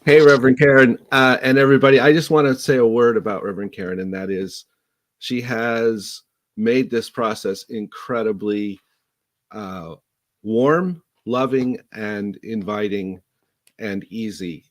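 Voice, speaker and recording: A man, the incoming minister, paying an earnest, slightly halting tribute in a church service. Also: fairly low pitch, steady tone, dry recording.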